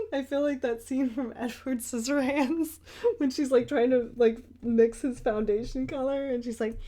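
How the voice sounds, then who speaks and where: A woman's voice: sits high, fairly even intonation, measured pace, dark tone. A young woman chatting casually while she paints, rambling with fillers and little laughs. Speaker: painting vlogger and art teacher. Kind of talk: casual paint-along chat.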